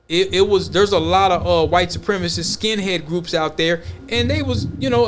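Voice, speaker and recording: Man, high voice, slangy, animated, casual podcast chat. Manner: loose, slangy, animated storytelling. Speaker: podcast host.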